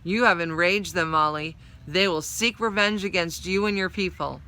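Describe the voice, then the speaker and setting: Storybook talking dog, male, loyal and stern, firm and raised, read by a woman. Very bright voice. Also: lowish voice, normal speed.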